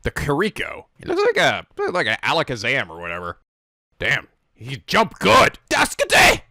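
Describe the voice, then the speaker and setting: A man hosting a casual anime reaction, animated, laughing and swearing often. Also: medium pitch, moderate pace, creaky, no room sound.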